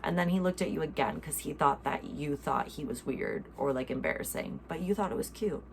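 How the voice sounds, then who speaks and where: A young American woman hosts a casual reaction chat, gushing playfully and filling her speech with fillers. Her low voice is brisk and creaky, with a little hiss or hum on the recording.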